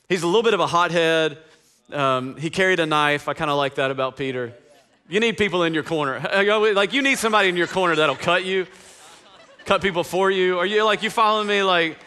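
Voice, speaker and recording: A man's voice: high-pitched, pushed and bright, clean tone. A male pastor preaching a sermon in a casual, slangy, conversational way with frequent asides to the congregation.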